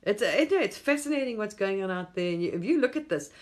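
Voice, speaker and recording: This middle-aged woman from England talks fast and expressively in a mid-range voice while hosting a casual late-night livestream on her phone. Rambling and often chuckling, she mimics other people's voices when she quotes them.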